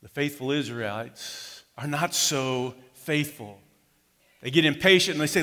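A man's voice: fairly high pitch, moderate pace, fairly bright tone, in a large hall. A pastor preaching a sermon in a conversational way, acting out the grumbling voices of his congregation. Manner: conversational, acts out the complaints of the crowd.

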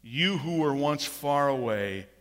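A man preaching a sermon with emphatic, repeated phrases, swinging from quiet to loud. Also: a little high, expressive, slow. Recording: long hall reverb.

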